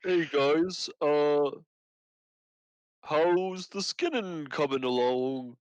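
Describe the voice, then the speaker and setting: A man's voice: fairly high pitch, very slow, smooth, no room sound, muffled recording. A man playing a tabletop game, hesitant and full of ums as he bluffs in character. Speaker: player. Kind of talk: tabletop role-play.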